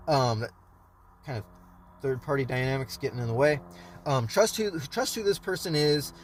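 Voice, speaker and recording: A man giving a casual tarot reading to the camera, speaking loosely with many restarts and calling the viewers y'all. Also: on the high side. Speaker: tarot reader.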